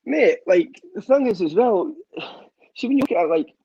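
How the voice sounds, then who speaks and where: A Scottish man, a footballer guest, telling lively, profane stories in a casual podcast chat. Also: high-pitched, moderate pace, breathy edge, dry recording, muffled recording. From Scotland. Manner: lively storyteller, swears, laughs often.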